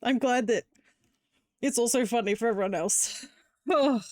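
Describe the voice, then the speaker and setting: A woman's voice: fairly high pitch, moderate pace, darkish tone, no room sound, clean studio sound. A young woman streaming while she builds Lego, chatting casually and breaking into long fits of giggles.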